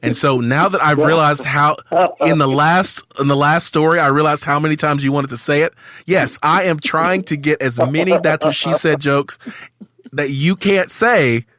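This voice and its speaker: A man's voice: a little high, moderate pace, no room sound. Jokey male sports podcast host. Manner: energetic, jokey, acts out quotes. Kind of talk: casual sports chat.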